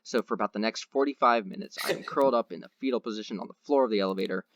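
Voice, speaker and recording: A man's voice: fairly low pitch, racing, no room sound, clean studio sound. A man hosting a podcast, telling a long rambling anecdote in casual chat with lots of fillers. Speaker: podcast host.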